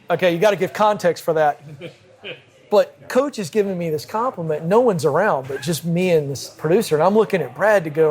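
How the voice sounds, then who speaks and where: A man, a podcast guest, telling a vivid personal anecdote in brisk conversational style at a cigar lounge. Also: high voice. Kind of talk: animated storytelling in conversation. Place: cigar lounge with a group present.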